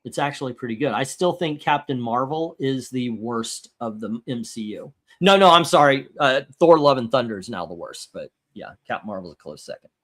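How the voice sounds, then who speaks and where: A male host talks casually and rambles, often restarting his sentences and dropping curse words as he goes. He speaks at an everyday pitch. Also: animated, moderate pace, hardly any pauses, a bit bright. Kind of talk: casual chat.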